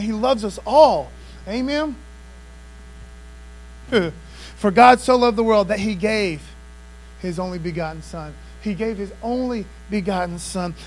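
A man's voice: very high voice, low-quality recording. A man preaching a sermon, emphatic and casual, often checking in with "amen" and "man.". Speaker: pastor.

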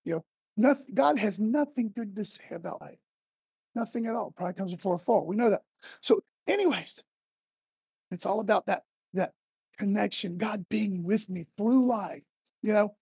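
A man delivers a laid-back sermon with a gravelly, slightly husky voice. He talks conversationally, then climbs into loud, emphatic bursts when retelling scripture. The sound is close and dry. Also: high voice, animated, normal speed, no echo. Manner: conversational, emphatic, voice rising to shouts when quoting Moses. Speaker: preacher. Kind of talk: casual sermon.

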